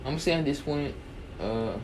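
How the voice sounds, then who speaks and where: A man's voice: on the high side, animated, moderate pace, darkish tone, slight background noise. A young man casually retelling a fan story, rambling with lots of fillers and correcting himself as he goes.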